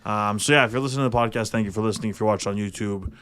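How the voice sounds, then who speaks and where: A man's voice: fairly low pitch, fairly even intonation, very fast, fairly bright tone, clear, resonant tone. Loose, profane young male podcast host. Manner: loose, profane, laid-back banter. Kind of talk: casual podcast chat. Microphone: podcast studio mic.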